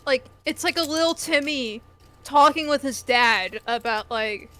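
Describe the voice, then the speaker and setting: A woman playing in a tabletop game, chatting casually in a giggly, hesitant, animated way. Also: sits high, a little slow. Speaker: player. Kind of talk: casual chat.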